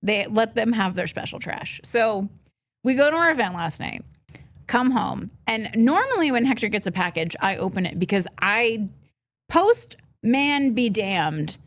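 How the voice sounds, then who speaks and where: A woman co-hosting a podcast, telling an animated story in casual chat and laughing often, recorded on a studio microphone. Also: fairly high pitch, measured pace. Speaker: podcast co-host.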